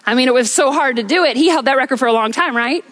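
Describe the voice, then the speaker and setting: A woman preacher delivering an energetic sermon on a church stage, telling stories with rhythmic repetition. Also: high-pitched, fast. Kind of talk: sermon with storytelling.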